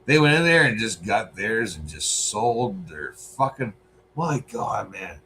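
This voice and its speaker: A Canadian man in his forties talks over a debate clip in a loose, profane way, full of asides and curses. His voice sits low, and a faint hiss runs under it. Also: sing-song, slow, sharp tone, low-quality recording. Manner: blunt, swearing, rambling asides. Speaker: streamer reacting to a debate. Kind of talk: casual profane commentary.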